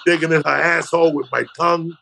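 There's a crowd in the background as a fast-talking comedian guest tells a profane, rambling podcast story with fairly even intonation. His fairly high, gravelly, husky voice shifts as he acts out the other people.

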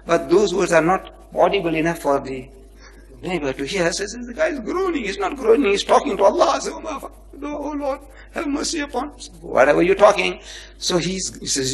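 A man's voice: high voice, animated, moderate pace, vocal fry, poor audio. A man giving a religious lecture, reading verses and explaining them with dramatic emphasis and rhetorical questions. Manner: dramatic, rhetorical questions, acts out quoted speech; swings between loud emphasis and near-whispered asides.

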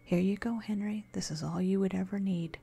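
A woman's voice: medium pitch, fairly even intonation, a little fast, vocal fry, dark tone, slight background noise, close to an everyday voice. A woman voicing an eccentric, enthusiastic male agency boss in a whispered role-play. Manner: enthusiastic, briefly menacing.

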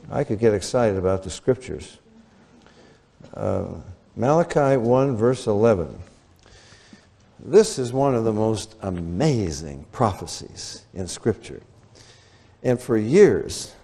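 A man preaching a Bible teaching sermon in an animated way, often rising to excited high exclamations. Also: gravelly.

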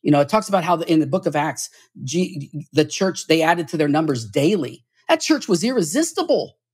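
A man speaking as a guest on a podcast, earnest and preachy, stumbling through restarts and rising in pitch when moved. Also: sing-song, brisk, husky. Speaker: podcast guest, church author. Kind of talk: podcast interview.

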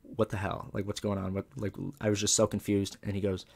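Laid-back socal guy telling a funny story, kinda low, lots of vocal fry, swears a lot, says like and dude constantly. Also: monotone, fairly quick, darkish tone. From Southern California. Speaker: comedian guest. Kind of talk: casual comedic storytelling.

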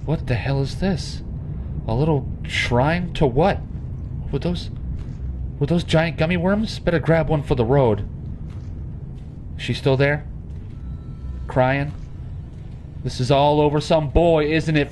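A man's voice: medium pitch, moderate pace, pauses often, slight background noise. A man hosting a horror game video, rambling and joking nervously as he plays. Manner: rambling, jokey, jumpy and nervous. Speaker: gaming video host. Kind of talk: casual let's play commentary.

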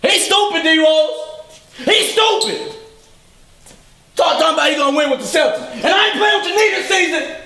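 A man playing a cocky male basketball star who yells at and mocks his teammates in a comedy sketch. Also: very high-pitched, moderate pace, pauses often, exaggerated voice. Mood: mocking. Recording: echoey room.

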